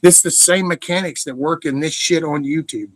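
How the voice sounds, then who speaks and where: A middle-aged man talks in a loose, meandering monologue. He is blunt and swears freely, and his voice sits a touch higher than most men's. The sound is close and dry, with no room echo. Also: normal speed. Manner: blunt, profane, meandering with restarts. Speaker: livestream host. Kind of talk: rambling casual monologue.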